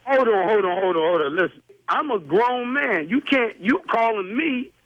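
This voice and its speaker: A man's voice: high-pitched, animated, moderate pace, no room sound. A man on the phone, speaking in streetwise slang, swearing and repeating himself over and over. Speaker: prank call target. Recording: muffled phone line.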